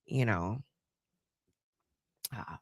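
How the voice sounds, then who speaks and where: A woman's voice: a bass voice, animated, drawn-out words, no echo, clean studio sound. A woman hosting a live stream, talking casually and animatedly to viewers, laughing often. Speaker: host.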